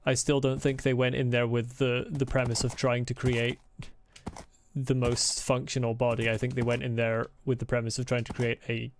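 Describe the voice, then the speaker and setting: A man narrating his own gameplay in a loose, casual way, talking half to himself. His voice has a gravelly, creaky edge at a middling pitch, and his comments are wry and self-deprecating. A faint hiss sits under the recording. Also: monotone, normal speed. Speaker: let's play host.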